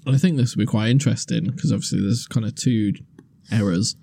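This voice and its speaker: A young man, co-hosting a podcast in relaxed, joking chat. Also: on the low side, brisk, vocal fry, slightly rough, no room sound, clean studio sound. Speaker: podcast co-host. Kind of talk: casual chat.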